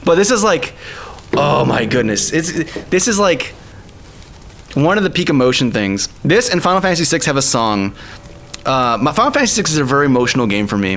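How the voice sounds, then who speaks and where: A man's voice: fairly high pitch, sing-song, a little fast, a bit bright. A man streaming live and chatting casually, laughing often and calling people man and dude. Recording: faint music behind.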